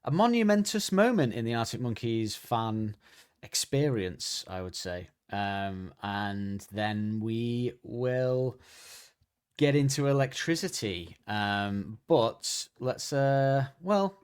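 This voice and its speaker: A man's voice: mid-range voice, lively intonation, slow pace, clear, resonant tone. A man hosting a podcast in casual chat, rambling and joking, often breaking off mid-sentence. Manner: rambling, self-interrupting, jokey. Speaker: podcast host.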